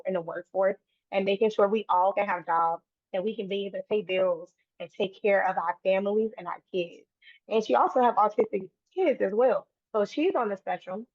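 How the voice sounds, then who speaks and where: Brief: woman guest, earnest and rambling, mid-pitched, dry tinny phone-like sound. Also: no room sound. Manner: earnest, run-on sentences with frequent restarts. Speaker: guest, autism advocate. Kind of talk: conversational interview.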